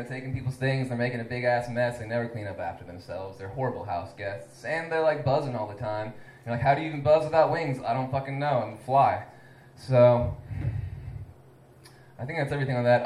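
Profane rambling man on an echoey stage. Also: mid-range voice. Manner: profane, rambling deadpan rant. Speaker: comedian presenting a mock talk. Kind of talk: live comedy bit.

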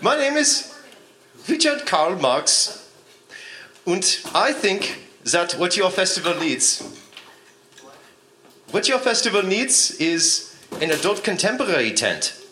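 A man's voice: high-pitched, takes it slowly, pauses often, a little hiss or hum, exaggerated voice. A man playing a pompous revolutionary philosopher with a put-on German accent, lecturing a live crowd in an improv comedy bit. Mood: mock-lecturing. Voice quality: pompous, deadpan mock-lecturing. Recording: echoey live room.

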